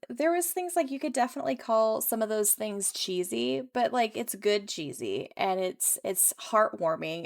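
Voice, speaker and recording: A woman co-hosts a casual book club podcast and rambles eagerly, packing her speech with "like" and restarts. Her delivery is animated and conversational. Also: mid-range voice. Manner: rambling, lots of filler "like", animated. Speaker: podcast co-host.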